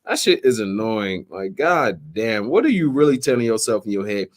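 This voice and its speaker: A man co-hosting a casual podcast chat, talking in a loose, profane, animated way and slipping into mocking impressions. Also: on the low side, moderate pace. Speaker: podcast co-host.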